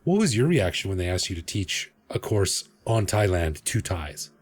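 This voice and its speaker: A man's voice: low voice, very animated, normal speed, slightly rough. A man co-hosting a casual podcast, asking curious questions and joking along. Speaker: podcast co-host.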